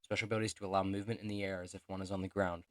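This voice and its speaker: Deep fast-talking young man. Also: level tone, no room sound, studio quality. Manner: rushed, joking asides, stumbles over his own text. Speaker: writer reading his own character profiles. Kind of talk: casual reading of written notes.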